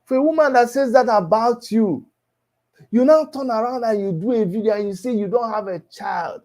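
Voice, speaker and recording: A man's voice: high voice, moderate pace, warm tone. A man delivering an impassioned, preachy monologue broadcast, scolding and repeating himself for emphasis. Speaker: broadcaster addressing critics.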